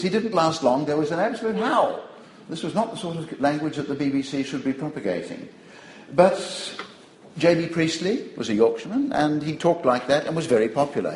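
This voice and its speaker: A man's voice: mid-range voice, reverberant, low-quality recording. An older man giving a public lecture, wry and digressive, telling stories to an audience. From Australia. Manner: wry, digressive, animated storytelling.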